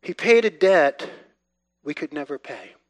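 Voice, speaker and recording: A man preaching a sermon with emphatic repetition, dropping quiet and then rising loud. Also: fairly high pitch, animated, unhurried, dry recording. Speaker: pastor.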